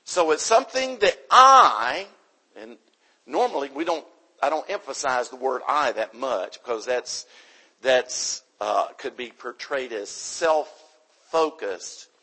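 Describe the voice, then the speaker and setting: A man's voice: mid-range voice, lively intonation, slow pace, pushed and bright, husky, poor audio. A man from the United States preaching an emphatic sermon into a microphone, repeating his key points for stress.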